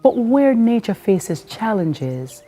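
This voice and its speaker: A woman's voice: mid-range voice, sing-song, slow, warm tone. A woman from Jamaica co-hosting a TV morning show, chatting and interviewing a guest.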